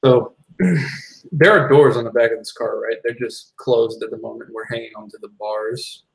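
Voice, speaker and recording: Guy at the game table, gravelly low-key voice, quick practical questions. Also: rough recording. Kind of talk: casual chat.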